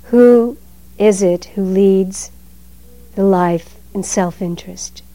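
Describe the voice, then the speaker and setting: A woman giving a Zen dharma talk in a measured, emphatic way, letting her phrases trail off softly. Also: medium pitch, poor audio.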